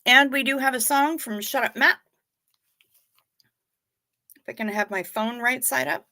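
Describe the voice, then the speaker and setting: A woman's voice: sits high, measured pace, creaky, pushed and bright. A woman hosting a casual livestream, chatting frankly with her viewers, greeting them by name and swearing offhandedly. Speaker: livestream host.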